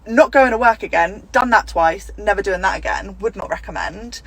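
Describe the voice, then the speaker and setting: A woman's voice: medium pitch, moderate pace, low-quality recording. A woman in her thirties, blunt and exasperated, talking to camera in a vlog and swearing as she goes. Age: 30s.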